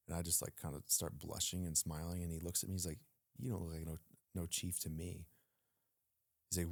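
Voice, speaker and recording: A man's voice: sits low, a little fast, creaky, pauses often, no room sound, studio quality. A man, a former soldier, telling a story casually in an interview, acting out quoted dialogue with plenty of fillers. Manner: animated, acts out quoted dialogue, frequent fillers. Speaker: guest, former Navy SEAL.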